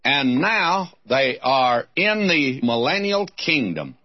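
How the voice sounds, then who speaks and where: A man's voice: medium pitch, big pitch swings, takes it slowly, no room sound, muffled recording. A man teaching a sermon on scripture in an earnest, direct way, speaking straight to his listeners. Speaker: Bible teacher. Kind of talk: radio Bible teaching sermon.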